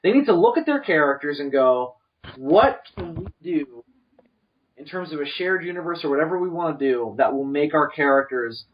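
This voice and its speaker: A man co-hosting a podcast, rambling through animated opinions with lots of restarts. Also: on the high side, moderate pace. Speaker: podcast co-host. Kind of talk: casual chat. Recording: distant, dull lo-fi podcast mic.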